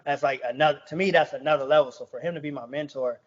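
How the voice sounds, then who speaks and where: A man's voice: fairly high pitch, steady tone, quick pace. A young adult man, a guest chef, chatting casually on a podcast and telling stories in slang, acting out what people said to him. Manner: slangy storytelling, acts out quoted dialogue. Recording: dull lo-fi podcast recording.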